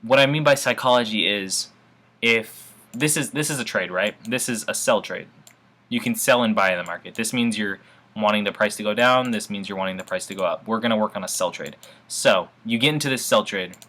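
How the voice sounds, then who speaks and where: Bright-voiced man giving a casual tutorial. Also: lowish voice, fairly quick. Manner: offhand and informal, keeps calling viewers "guys", shrugs things off. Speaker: forex trading instructor. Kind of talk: casual screen-share tutorial.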